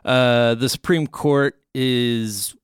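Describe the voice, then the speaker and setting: A man in his thirties co-hosting a casual news podcast, laying out each topic at an easy pace with plenty of "uh" pauses. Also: mid-range voice, clear, resonant tone, no room sound, studio quality. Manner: relaxed, lays out topics with frequent "uh" pauses. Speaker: podcast co-host.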